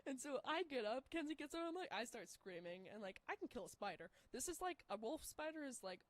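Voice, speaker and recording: Young woman, casual storytelling, lots of fillers, slightly high voice, gets shrill when excited. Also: brisk.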